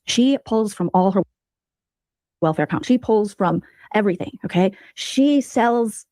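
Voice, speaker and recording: A woman giving sarcastic, mocking gossip commentary as a streamer, telling the story in an animated way. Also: mid-range voice, unhurried, no room sound.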